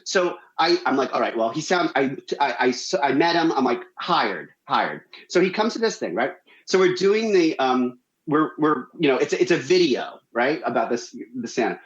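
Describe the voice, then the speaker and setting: Animated man telling a story, echoey. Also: moderate pace, few pauses, muffled recording. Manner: animated, acts out quotes with big pitch jumps. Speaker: radio guest telling a story. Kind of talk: casual storytelling.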